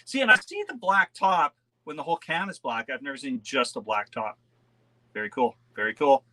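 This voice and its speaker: A man's voice: fairly high pitch, sing-song, a little fast, pushed and bright. A man hosting a live beer unboxing stream, chatting casually, laughing often and greeting viewers by name. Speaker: beer channel host.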